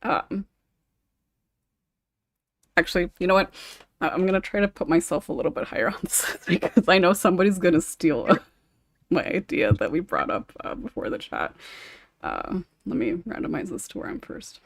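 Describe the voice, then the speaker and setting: A woman's voice: fairly low pitch, big pitch swings, normal speed, gravelly, long pauses, no echo. A woman hosting a casual panel podcast over a remote call mic. She reads listener questions aloud and laughs often. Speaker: podcast host.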